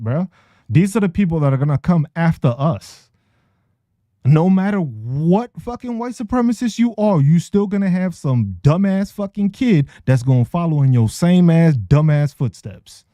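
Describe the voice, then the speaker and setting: A man's voice: on the high side, warm tone, dry recording. A man hosting a podcast, ranting casually with heavy profanity and frequent laughter. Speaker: podcast host.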